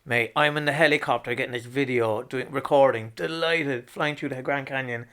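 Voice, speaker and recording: A man's voice: medium pitch, normal speed. Swearing man around forty, storytelling. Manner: swears freely, animated, acts out quotes. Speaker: guest. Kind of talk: casual storytelling chat.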